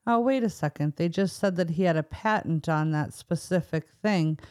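Podcast co-host with quick reactions. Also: medium pitch, a little mellow, no room sound, clean studio sound. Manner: reactive, quick interjections and questions. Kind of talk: casual chat.

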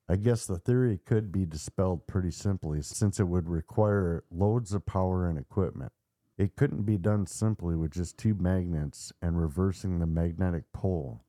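Deep-voiced man telling a dark story. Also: no echo, studio quality. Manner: theatrical, builds suspense, casual asides. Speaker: podcast host. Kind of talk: dramatic storytelling narration.

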